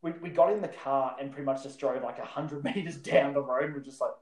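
A man's voice: medium pitch, a little fast, a little mellow. A man telling a story as a podcast guest, rambling with many fillers and frequent laughter. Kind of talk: casual storytelling. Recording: roomy echo.

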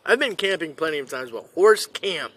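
A young man hosting a podcast, telling a story in an animated, profane way. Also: on the high side, normal speed. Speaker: podcast host. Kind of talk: casual storytelling.

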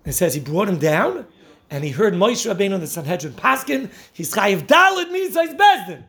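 A man giving a lively Torah talk, telling the stories with animation and frequent laughter. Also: sits high, moderate pace. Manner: animated storytelling, laughing often, mixing Yiddish and Hebrew terms. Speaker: Torah teacher.

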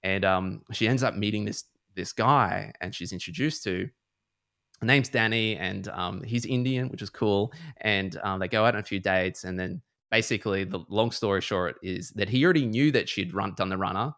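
A man's voice: lowish voice, normal speed, a bit bright, no room sound, studio quality. A man retelling a book in a casual podcast chat, rambling and full of fillers. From Australia. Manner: rambling, heavy on fillers like "like" and "you know".

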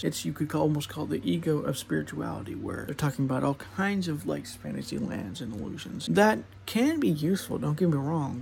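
A man's voice: on the high side, gravelly, darkish tone, a little hiss or hum. A young man hosting a podcast, rambling through a spiritual monologue, laughing at his own points and acting out voices of the mind. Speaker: podcast host.

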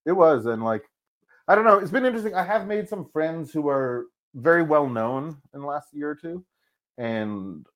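A man speaking candidly and profanely as an interview guest, animated and open. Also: a little high. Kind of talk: casual interview talk.

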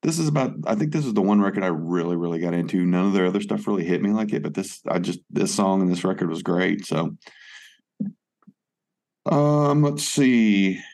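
A man's voice: low-pitched, animated, normal speed, vocal fry, a little mellow. A man co-hosting a podcast in casual chat about music, laid-back and swearing, with many fillers. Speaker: podcast co-host.

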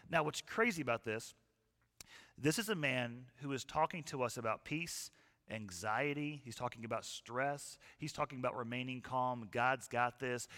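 Bright-voiced man preaching in a reverberant hall. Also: mid-range voice. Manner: conversational, asks the audience questions. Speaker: pastor. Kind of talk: sermon. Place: church hall with live audience.

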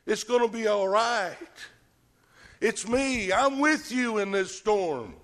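Preacher putting on a soft comforting god voice, kinda high, reassuring. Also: male voice, animated, slow pace, full character voice. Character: gentle comforting male divine voice.

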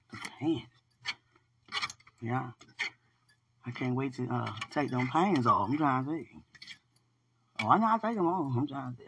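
A lively vlogger whose pitch swings up and down while chatting aloud to God. The voice has a husky, slightly rough edge, with frequent laughter and quiet, hushed asides. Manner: animated and chatty, laughing often, drops to a hush at times. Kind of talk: casual monologue talking to God.

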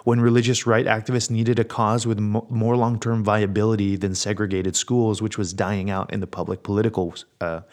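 A man's voice: on the low side, little pitch movement, a little fast, few pauses, darkish tone. A pastor hosting his own podcast in a casual solo monologue. He is rambling, sarcastic and swears freely.

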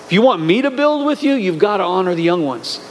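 Pastor guy preaching, fairly high voice, earnest, faint room hum behind. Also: sing-song, quick pace. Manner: earnest, preacherly, swings between emphatic and hushed. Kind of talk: sermon.

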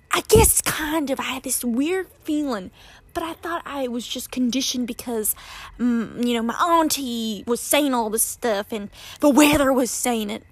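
Woman storyteller, animated and dramatic, high voice, dry close recording. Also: husky, dry recording. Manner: animated, dramatic, laughing asides. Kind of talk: personal story told casually.

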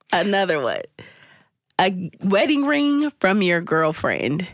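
A woman's voice: medium pitch, no room sound, clean studio sound. A young woman co-hosting a podcast, chatting casually, laughing often and acting out little voices as she tells stories. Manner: laughs often, animated storytelling, mimics voices. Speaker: podcast co-host. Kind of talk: casual chat.

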